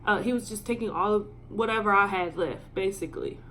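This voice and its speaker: A young woman with a drawl tells a personal story straight to her viewers. Her speech is casual and halting, full of ums, and her voice sits in an ordinary middle range. A faint hiss sits under her voice. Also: medium pitch, a bit bright. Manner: halting and filler-heavy, emotional. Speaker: vlogger. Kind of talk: storytime vlog.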